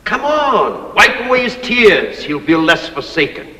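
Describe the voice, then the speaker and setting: A man's voice: high voice, big pitch swings, a little slow, sharp tone, slight background noise, full character voice. A stage actor playing a pompous, overbearing old man who rules a servant, declaiming grandly. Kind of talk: stage play performance. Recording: echoey stage hall recording.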